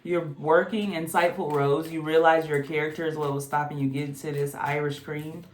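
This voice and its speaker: A woman's voice: low-pitched, flat delivery, moderate pace, a little hiss or hum. A woman casually reading tarot cards, chatty and exclamatory. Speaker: tarot reader. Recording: echoey room.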